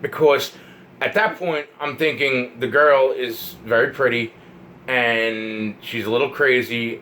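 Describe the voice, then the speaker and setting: A man telling a rambling personal story, profane and excitable, often repeating himself and restarting. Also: medium pitch, a little hiss or hum, rough recording.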